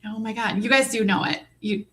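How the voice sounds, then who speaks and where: A woman's voice: fairly high pitch, brisk. Chatty Midwestern woman co-host. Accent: Midwestern American. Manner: chatty, animated, many fillers. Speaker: podcast co-host. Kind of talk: casual chat.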